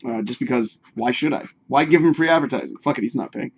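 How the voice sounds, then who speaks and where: A man's voice: mid-range voice, fast, gravelly, dull audio. A man hosting a live talk show in casual, rambling chat, swearing freely and talking straight to his viewers.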